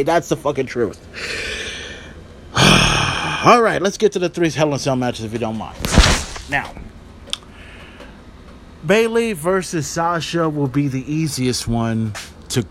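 A man's voice: a little high, a little hiss or hum. A man hosting a podcast, giving wrestling predictions in a heated, profane, emphatic rant. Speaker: podcast host.

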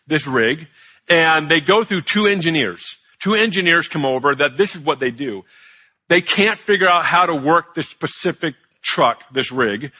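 Male pastor, chatty sermon story, animated, bright tone, high pitch. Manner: animated, chatty, joking with the congregation.

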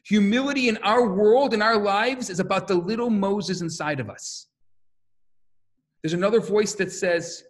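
A male rabbi giving a storytelling lecture, animated and acting out the voices in his stories. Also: sits high, normal speed. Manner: animated, acts out quotes, repeats words when restarting.

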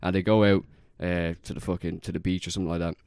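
A young man in a loose podcast chat, his voice sitting low and recorded dry and close. He rambles through a story, stacking fillers and breaking into laughs. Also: little pitch movement, fast talker, gravelly, a little mellow, clear, resonant tone, dry recording. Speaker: podcast co-host. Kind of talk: casual chat.

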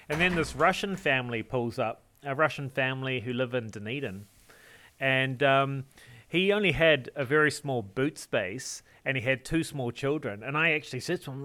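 A man's voice: medium pitch, moderate pace, bright, forceful tone. A man co-hosting a podcast, telling a long story in a chatty way, often laughing and repeating words as he goes. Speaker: podcast co-host. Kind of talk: casual storytelling.

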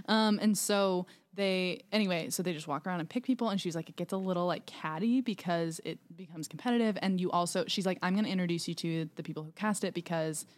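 A woman's voice: lowish voice, fairly quick. A young woman co-hosting a podcast, telling a story in casual chat with lots of fillers and restarts. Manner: chatty storytelling with many fillers. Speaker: podcast co-host.

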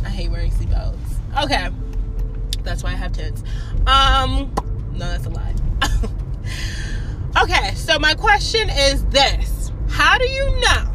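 A woman's voice: mid-range voice, big pitch swings, takes it slowly, pauses often. A young woman who is sick, chatting casually from her car while driving, with blunt, profane, rambling talk. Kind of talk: casual chat. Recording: road noise from a moving car.

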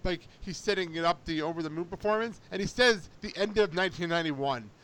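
A man hosting a casual podcast with a high, bright voice that runs above the usual male range. He tells animated stories and keeps breaking into laughter. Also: fast, smooth. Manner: animated storyteller, laughs often. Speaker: podcast host. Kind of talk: casual chat.

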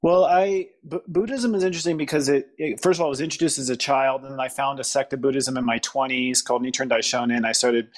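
A man speaking as a guest in a casual spiritual conversation, pausing, restarting and searching for words. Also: mid-range voice, fairly even intonation. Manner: halting, searching for words, frequent restarts and laughs. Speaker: podcast guest.

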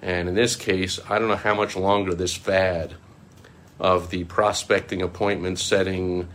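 A middle-aged man, a small business marketing consultant, hosting a casual vlog and telling an animated story with chuckles. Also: unhurried, a little hiss or hum. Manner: animated, chuckling, breaks into mocking high-pitched quoted voices.

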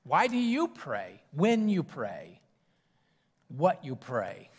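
Pastor preaching in a reverberant sanctuary. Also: male voice, on the high side, wildly swooping pitch, slow, husky. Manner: conversational, with fillers and restarts. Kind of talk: sermon. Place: church sanctuary.

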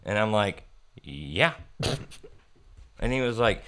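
A young man hosting a podcast, telling work stories in a profane, animated way and laughing often. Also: on the low side, normal speed, long pauses, clear, resonant tone. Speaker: podcast host. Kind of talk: casual storytelling chat.

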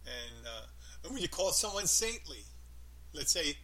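A man's voice: a little high, big pitch swings, moderate pace, sharp tone, low-quality recording. A man in casual chat, telling rambling stories with lots of emphasis.

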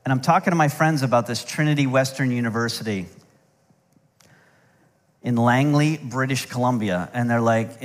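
A man's voice: medium pitch, normal speed. A middle-aged man preaching a sermon, telling stories with humor and asides. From United States. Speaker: pastor. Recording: long hall reverb.

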